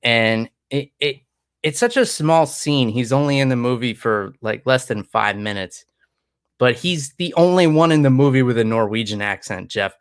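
A man's voice: mid-range voice, expressive, normal speed, no room sound, studio quality. A tired man chatting loosely as a podcast co-host, rambling with many restarts. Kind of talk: casual chat.

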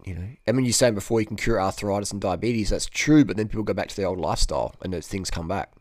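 A man speaks in a low, close, dry-sounding voice. He chats loosely as a guest, circling back on his points and filling gaps with "you know". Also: fast talker, darkish tone, dry recording. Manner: rambling storyteller, many repeats and "you know". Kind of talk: casual conversation.

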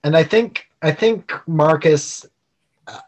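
A man's voice: a little high, slow pace, highs cut off. A man taking part in a casual tabletop role-play discussion, thinking aloud and finishing others' sentences. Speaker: player.

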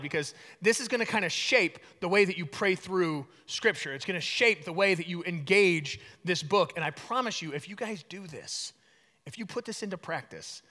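A man's voice: on the high side, pushed and bright, long reverb tail. A man preaching a sermon as a pastor, in a casual, conversational teaching manner with playful asides.

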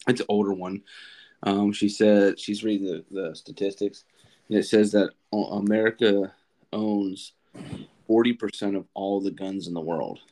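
A man's voice: lowish voice, fairly even intonation, moderate pace, warm tone. A young man co-hosting a podcast, chatting casually and rambling with lots of laughs and fillers. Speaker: podcast co-host. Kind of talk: casual chat.

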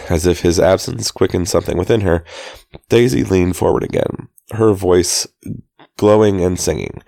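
A man's voice: low-pitched, vocal fry, darkish tone, no room sound. A man reading a novel aloud in a casual, amateur way, often stopping to restart and correct himself. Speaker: reader.

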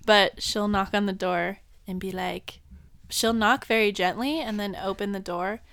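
A young woman in casual chat, telling lively stories and mimicking the people in them. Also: medium pitch, a little slow, vocal fry, no room sound. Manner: animated storyteller, mimics people.

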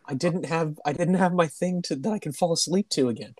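A man's voice: on the high side, a little fast, a little mellow, no echo. A man co-hosting a podcast in casual chat, feeling under the weather and dropping dry, joking remarks. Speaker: podcast co-host.

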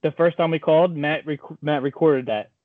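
A man co-hosting a casual podcast, telling a prank story with lively acted-out voices over an online call. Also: a little high, normal speed, no echo. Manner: animated storyteller, acts out voices. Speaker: podcast co-host. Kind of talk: casual chat. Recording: tinny phone-like call audio.

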